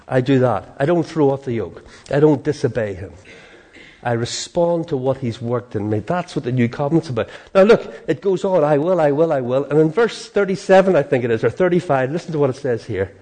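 A man preaching a sermon in an earnest, animated way, acting out prayers and quotes, with a soft laugh now and then. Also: medium pitch, brisk.

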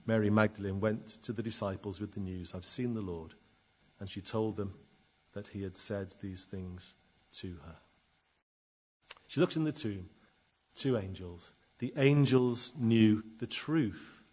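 A man preaching a sermon and reading scripture, dramatic, with slow emphatic pauses and sudden swells in loudness. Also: fairly low pitch, slightly rough.

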